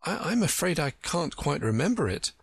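A man's voice: a little high, huge pitch swings, a little slow, gravelly, breathy edge, no room sound, voice pushed up, heavily acted. A man voicing a polite, earnest seven-year-old girl in a storybook.

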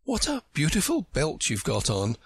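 A man's voice: on the high side, huge pitch swings, normal speed, fairly bright tone, slightly rough, voice pushed up, exaggerated voice. A man voicing a polite, earnest seven-year-old girl in a storybook.

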